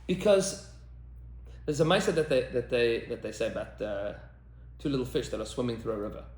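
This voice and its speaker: A man's voice: medium pitch, very animated, fairly quick, a little mellow, echoey room. A man, a rabbi, talking emphatically in a podcast discussion, repeating lines for effect and mixing in Hebrew terms. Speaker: rabbi and teacher.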